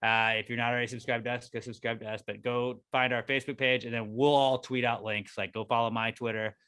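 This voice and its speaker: A man's voice: mid-range voice, little pitch movement, fast, bright, forceful tone, clean tone. An American man hosting a podcast, chatting loosely and plugging the show. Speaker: podcast host. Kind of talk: casual chat.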